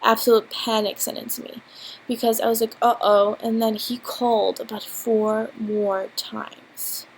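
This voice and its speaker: In a rough recording with slight background noise, a young vlogger speaks into her laptop's built-in mic at home. Her voice is a little high, her delivery flat and a bit slow, as she rambles through a storytime vlog, giggling and filling pauses often.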